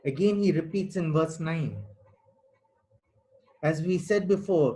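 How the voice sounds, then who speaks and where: A man preaching a sermon, emphatic and slowing down to stress key phrases. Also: a little high, dark tone, poor audio.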